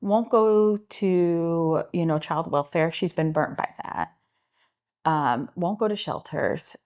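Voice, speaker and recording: A middle-aged woman with a Midwestern American accent, speaking in a fairly low voice. She tells stories earnestly as an interview guest and acts out the people she quotes. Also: takes it slowly, lo-fi sound. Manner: earnest, animated retelling with acted-out quotes. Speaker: guest, homeless services director. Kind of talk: interview storytelling.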